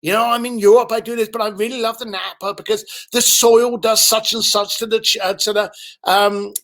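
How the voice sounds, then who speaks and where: A man voicing a flat, stammering male client. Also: high-pitched, a little fast, voice pushed up. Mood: eager gushing. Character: bland monotone male client, grows excited about wine.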